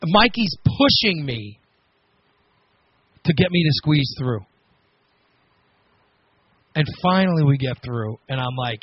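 Raspy guy on the radio cracking himself up telling a story, kinda high voice, dry dull sound. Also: slow pace, pauses often, no room sound. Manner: animated, laughing, self-mocking storyteller. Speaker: radio host. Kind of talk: casual on-air storytelling.

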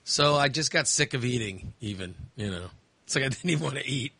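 Rambling chatty man, bright and dry. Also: mid-range voice, lively intonation, brisk, creaky, husky, no echo. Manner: rambling, hesitant, many fillers and restarts. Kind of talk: casual chat.

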